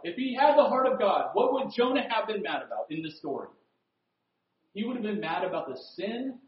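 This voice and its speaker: Male pastor, high and lively voice, preaching in an echoey room. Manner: animated preaching, swings from loud to hushed. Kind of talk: sermon. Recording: echoey room, dull lo-fi sound.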